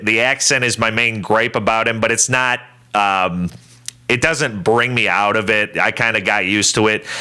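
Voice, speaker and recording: A man co-hosting a podcast, giving a measured, opinionated movie critique in casual chat. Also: on the low side, pushed and bright, clean tone. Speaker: podcast co-host.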